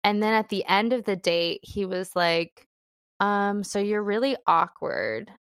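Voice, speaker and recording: A woman's voice: mid-range voice, expressive, a little slow, a bit bright, smooth, no room sound, clean studio sound. A young woman telling a bad-date story in casual chat, filler-heavy and laughing often. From Philippines. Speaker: guest telling a dating story.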